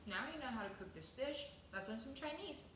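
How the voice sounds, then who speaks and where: A woman's voice: on the high side, animated, brisk, noisy background. A woman hosting her own cooking channel, chatting instructively and drawing out words as she teaches a recipe and some vocabulary. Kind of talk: cooking video and language lesson. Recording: echoey room with faint ambience.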